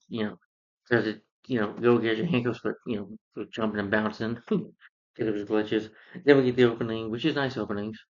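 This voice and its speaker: A man's voice: lowish voice, lo-fi sound. A man casually reviewing a film, rambling through the plot with lots of fillers and restarts. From lives in Georgia, US.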